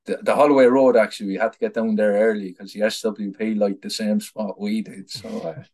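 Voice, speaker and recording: Chatty Irish man with a low voice. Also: flat delivery, fairly quick, darkish tone. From Ireland. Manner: chatty, stumbles and repeats words, laughs at his own stories. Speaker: guest, political activist. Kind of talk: casual conversational storytelling.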